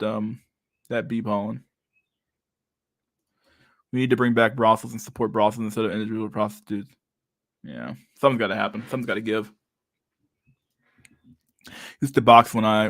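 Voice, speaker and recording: A man in his thirties hosting a loose live stream and reading viewer chat aloud. His voice sits low and barely moves in pitch as he swears his way through comments, throwing in "dude" constantly. The sound is dry and close, with almost no room around it. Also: no echo. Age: 30s. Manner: casual, profane, says "dude" a lot, reads comments aloud.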